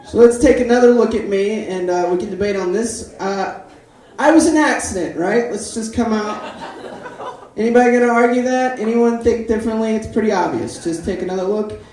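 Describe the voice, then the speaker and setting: A man doing a deadpan, self-deprecating stand-up set at a live open mic, bantering with the crowd. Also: sits high, a little fast. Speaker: stand-up comedian. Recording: echoey live room from far off. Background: audience laughter.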